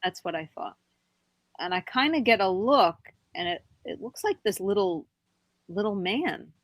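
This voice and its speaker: A young woman, a podcast guest, telling a personal paranormal story in a halting way that turns animated when she quotes herself. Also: mid-range voice, dry recording.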